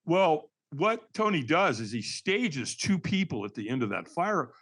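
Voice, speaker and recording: A man tells a story with a lively, swooping voice that sits a little high. He acts out what others said in changing voices and calls the host Doc. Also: unhurried. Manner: acts out quotes with shifting voices. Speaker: podcast guest, firewalking instructor. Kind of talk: animated storytelling.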